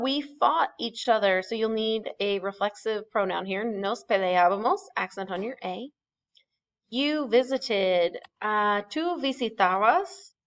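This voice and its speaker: A woman's voice: a little high, fairly bright tone. Patient woman teaching a lesson. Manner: patient, explanatory, with fillers and self-corrections. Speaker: Spanish teacher. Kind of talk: recorded classroom lesson.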